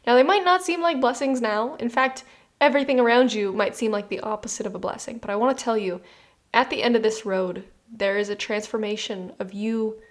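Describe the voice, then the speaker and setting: A woman's voice: fairly high pitch, a little fast. A woman giving a tarot reading. She speaks directly to the listener in an earnest, reassuring, conversational way and often says "you know.". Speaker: tarot reader. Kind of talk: spoken tarot reading to the viewer.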